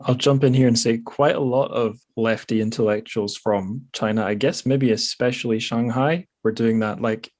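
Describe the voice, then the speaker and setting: A man's voice: mid-range voice, steady tone, moderate pace, few pauses, darkish tone. A man hosting a podcast, breaking in with brief asides in casual chat. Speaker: podcast host.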